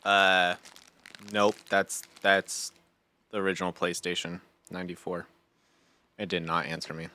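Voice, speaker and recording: A young man co-hosting a podcast, chatting casually as he plays a video game, quick and full of asides. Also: sits low, little pitch movement, pushed and bright. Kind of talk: casual let's-play commentary.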